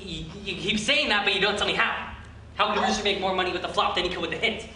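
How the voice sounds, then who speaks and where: An actor playing a scheming, blustering male theater producer in an acting-class scene, wheedling and prone to shouting bursts. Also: mid-range voice, fairly even intonation, rapid-fire, crowd noise, close to an everyday voice. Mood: eager. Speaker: acting student. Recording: echoey room, far mic, noisy.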